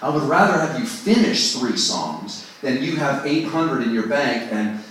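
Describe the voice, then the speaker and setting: A man teaches songwriting informally to a group in a mid-range, sing-song voice, bright-ish and measured in pace, with slight background noise. The recording comes from a distant mic in a large, very echoey room. Conversational and self-deprecating, he acts out inner voices.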